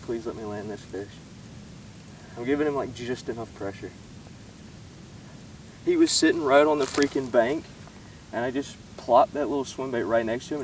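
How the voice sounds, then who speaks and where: A man vlogging outdoors by a small pond, shaky and keyed up, full of excited exclamations and coaxing the fish he's landing. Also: mid-range voice, far from the mic, a little hiss or hum, low-quality recording. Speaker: fishing vlogger. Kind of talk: excited outdoor vlog commentary. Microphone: camera set up nearby.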